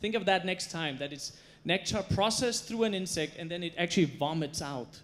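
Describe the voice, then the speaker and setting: Higher-voiced man storytelling on stage. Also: moderate pace. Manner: storytelling, emphatic, playful. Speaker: chef giving a stage talk. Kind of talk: stage presentation. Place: stage before a live audience.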